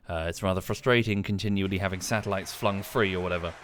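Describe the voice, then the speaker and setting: A man's voice: low voice, fairly even intonation, quick pace, hardly any pauses, fairly bright tone, no echo. A man, chatting casually on a live game stream, tired and dry, rambling with frequent ums.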